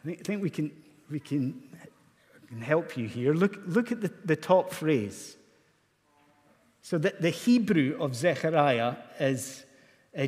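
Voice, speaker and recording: A Scottish man preaches a sermon in a high, lifting voice, drawing the congregation in with repeated questions. His words hang in the long reverb of a church sanctuary. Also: a little mellow. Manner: rhetorical questions to the congregation, rising to emphatic peaks. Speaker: pastor.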